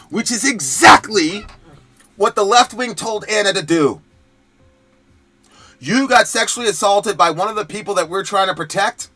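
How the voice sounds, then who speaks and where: A man's voice: sits high, expressive, normal speed, pauses often, pushed and bright, soft background music. A man hosting a political commentary stream, talking in a heated, emphatic and profane way. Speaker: host.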